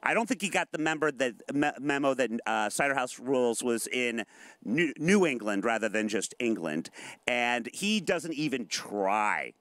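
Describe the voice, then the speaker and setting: A man hosting a casual chat show, animated and jokey, rambling through examples. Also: mid-range voice, moderate pace, dry recording. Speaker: show host.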